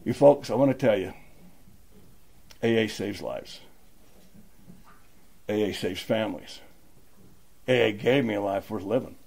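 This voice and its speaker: A man's voice: on the low side, a little slow, gravelly, long pauses, a little mellow, breathy edge. An older man sharing his personal recovery story at a meeting, plainspoken and emotional. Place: meeting room.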